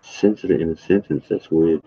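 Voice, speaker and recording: A man's voice: deep voice, fairly even intonation, moderate pace, mellow, husky. A man chatting casually with his live viewers, rambling and calling out chatters by name, from home. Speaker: livestreamer. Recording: tinny phone-like sound.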